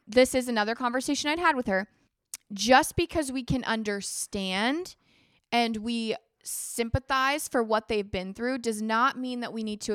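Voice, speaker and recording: A woman's voice: on the high side, fairly bright tone, clean tone, dry recording, studio quality. A woman hosting a podcast, talking earnestly in a rambling personal monologue, full of "like" and restarts. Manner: earnest, rambling, heavy use of "like". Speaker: podcast host.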